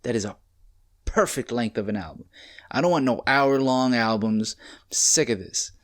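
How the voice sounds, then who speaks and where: A young man casually reacting to an album at home, rambling and excitable, swearing as he goes. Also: medium pitch, moderate pace. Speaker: music reaction host. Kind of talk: casual music reaction commentary. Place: home, late at night. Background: faint music playing.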